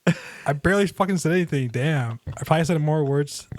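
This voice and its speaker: A young man co-hosting a podcast in casual chat, talking in a relaxed, halting way with restarts and swearing. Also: fairly high pitch. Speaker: podcast co-host.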